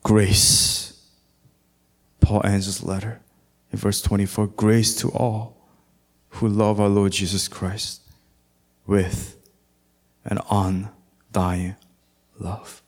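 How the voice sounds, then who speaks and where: A man's voice: lowish voice, flat delivery, extremely slow, pauses often. A man as pastor preaching a sermon, his voice building in intensity and slipping into song now and then. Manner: preaching with rising intensity, sometimes singing.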